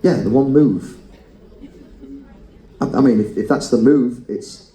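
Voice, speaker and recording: A man's voice: medium pitch, big pitch swings, mellow, roomy sound, some chatter behind, rough recording. Teasing man hosting a game show. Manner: teasing, quick banter, often laughing. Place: cruise ship show lounge.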